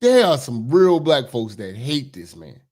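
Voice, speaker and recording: Heated profane man ranting, lively pitch. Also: unhurried. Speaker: commentary host. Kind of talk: ranting commentary.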